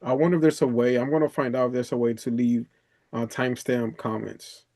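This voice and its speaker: Talking fairly quickly with little pitch movement, a man with a mellow mid-range voice chats with his coach on a video call. Originally from the Dominican Republic, he's a loose, chatty storyteller who laughs, swears, and keeps saying "bro."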